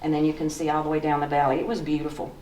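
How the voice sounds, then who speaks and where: A woman in her sixties from East Tennessee, an author with a Southern accent, gives a slideshow talk in a museum lecture room, pointing at old photos and sharing folksy personal stories. Her low, a little mellow voice races along in a flat delivery. The recording sounds echoey and distant, with a little hiss or hum.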